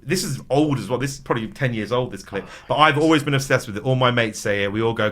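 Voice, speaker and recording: A man's voice: mid-range voice, animated, brisk, hardly any pauses, fairly bright tone, a little hiss or hum. Rambling, chatty male podcast guest. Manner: rambling storyteller, many fillers. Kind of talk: casual chat.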